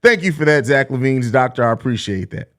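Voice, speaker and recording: A man's voice: medium pitch, lively intonation, a little fast, a bit bright. A man hosting a live sports podcast, reading chat messages and reacting in a blunt, profane, sarcastic way. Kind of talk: casual live-stream sports talk.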